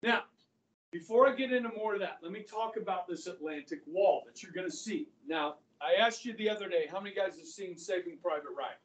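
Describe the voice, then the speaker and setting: A male history teacher lecturing his class, telling the story in an animated way and often calling the students "guys". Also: sits high, fairly quick. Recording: echoey classroom from far off.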